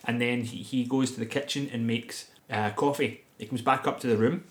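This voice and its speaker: A man's voice: mid-range voice, steady tone, normal speed. A man, co-hosting a podcast and recapping a film from his notes in casual chat, laughing often. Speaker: podcast co-host.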